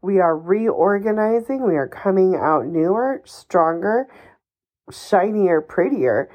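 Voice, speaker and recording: Slow-talking, emphatic woman podcast host. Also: medium pitch, lively intonation, highs cut off. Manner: emphatic, encouraging, a bit ranty, swears casually. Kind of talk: solo podcast advice monologue.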